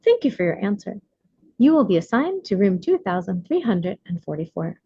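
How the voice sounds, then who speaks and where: A woman's voice: mid-range voice, big pitch swings, moderate pace, vocal fry, warm tone, husky, no room sound, lo-fi sound, full character voice. A woman voicing a male demon greeting arrivals at hell's gate in a courteous, clipped, bureaucratic manner.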